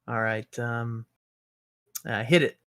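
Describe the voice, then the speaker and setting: A man co-hosting a casual stream, explaining himself in an animated, laughing way. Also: mid-range voice, slow. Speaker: co-host.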